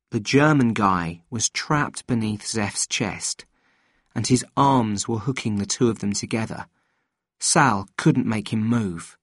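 A man reading a novel aloud in measured, steady scripted narration. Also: fairly low pitch, dry recording, studio quality. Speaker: audiobook reader.

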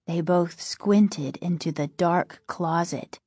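A woman narrating a spooky storybook in a measured, steady storytelling manner. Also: lowish voice, slightly rough, no room sound, clean studio sound. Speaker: audiobook narrator. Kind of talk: scripted narration.

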